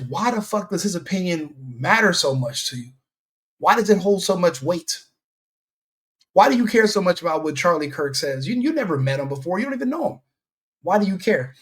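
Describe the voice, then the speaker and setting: Angry ranting man, fairly high voice. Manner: heated, repetitive, scornful. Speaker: commentary video host. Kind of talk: angry opinion rant.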